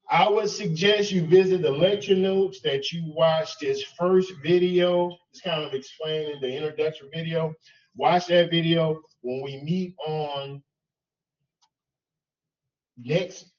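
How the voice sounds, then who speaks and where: A male math instructor calling roll in class, halting and checking how names are pronounced. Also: fairly high pitch, distant mic, dull audio. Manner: slow, halting, checks name pronunciations.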